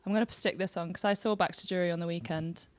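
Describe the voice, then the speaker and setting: A woman's voice: lowish voice, fairly even intonation, fast. A woman hosting a radio show, chatting casually and encouraging her guest, with short fillers. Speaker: radio host.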